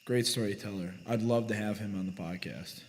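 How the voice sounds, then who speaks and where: A man's voice: fairly low pitch, a little fast, big-room sound. A young man co-hosting a casual podcast in a garage, rambling, laughing and swearing freely. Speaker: podcast co-host. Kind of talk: casual chat.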